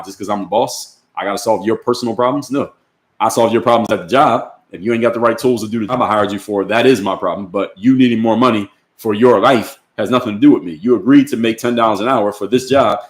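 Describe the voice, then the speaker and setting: Blunt fast-talking man, echoey room. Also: lowish voice. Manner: blunt, argumentative, rhetorical questions. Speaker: livestream host answering chat comments. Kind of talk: opinionated livestream talk.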